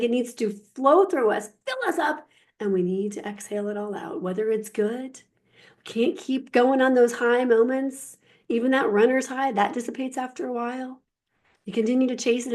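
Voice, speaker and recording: A woman coach talking casually about softness and emotions, lively and emphatic, full of filler words and rhetorical questions. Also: fairly high pitch. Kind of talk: casual spiritual coaching talk.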